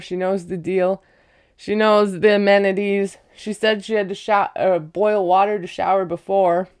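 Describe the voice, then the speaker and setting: A woman recapping a reality show in casual chat, sarcastic and quick to laugh at her own jokes. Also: mid-range voice, darkish tone, clear, resonant tone. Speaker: recap vlogger.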